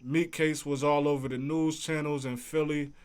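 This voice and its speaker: Man, livestream host, laid-back chat talk, slightly high, smooth clear voice. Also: little pitch movement, moderate pace, darkish tone. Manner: laid-back, conversational, speaks to chat in slang.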